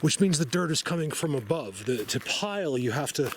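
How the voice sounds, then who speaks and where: Excitable man rambling outdoors. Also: fairly high pitch, fairly quick, a little hiss or hum. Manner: rambling, excitable, laughs often. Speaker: vlogger. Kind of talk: casual talk to camera. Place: outdoors in a forest.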